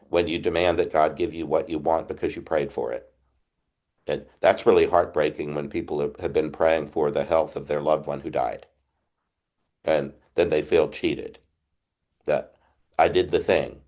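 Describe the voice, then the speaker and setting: Deep-voiced older priest, halting retreat talk. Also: male voice. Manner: halting, many restarts, gentle laughs. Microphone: video call.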